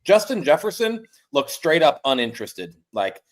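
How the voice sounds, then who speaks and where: A man's voice: on the high side, sing-song, normal speed. A man co-hosting a sports podcast, rambling with lots of "like" and swearing as he criticizes the team. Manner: rambling, filler-heavy, profane. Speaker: podcast co-host. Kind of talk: casual sports chat.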